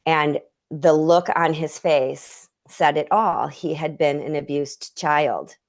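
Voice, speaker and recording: Female guest healer with a low voice, earnest and heartfelt, talking over a video call. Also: slow. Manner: earnest, emotional storytelling with many restarts. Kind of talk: personal storytelling in conversation.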